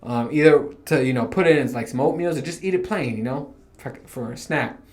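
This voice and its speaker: A podcast host with a medium-pitched voice and a brisk pace rambles through casual stories. His storytelling is full of profanity, and he laughs often.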